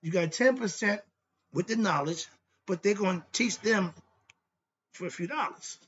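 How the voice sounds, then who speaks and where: A man's voice: high voice, moderate pace, fairly bright tone, slightly rough, highs cut off. A man lecturing on self-knowledge in a blunt, preachy monologue, asking himself questions and answering them. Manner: preachy, repetitive, rhetorical questions; annoyed, blunt. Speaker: host. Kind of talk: philosophy monologue.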